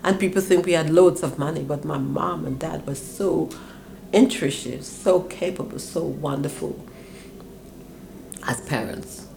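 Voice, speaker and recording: Older woman with a gravelly voice. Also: measured pace, slight background noise. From Grenada. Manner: animated, acts out her parents' voices with big pitch swings. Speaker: interviewee. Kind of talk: reminiscing storytelling.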